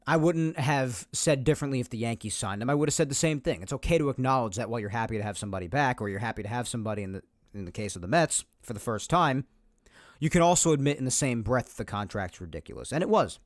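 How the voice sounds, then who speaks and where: A man's voice: mid-range voice, lively intonation, fast, no echo. New guy ranting about baseball on his podcast, dry close sound, mid voice. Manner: emphatic, argumentative, repeats points. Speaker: podcast host. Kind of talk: opinionated solo sports talk.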